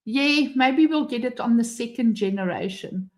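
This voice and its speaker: A woman's voice: a little high, animated, moderate pace, darkish tone. A woman from South Africa with a South African English accent, hosting a casual live stream from home, chatting, laughing often and reading out viewer comments. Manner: chatty, laughs often, reads chat aloud. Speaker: livestream host. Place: home with front door open.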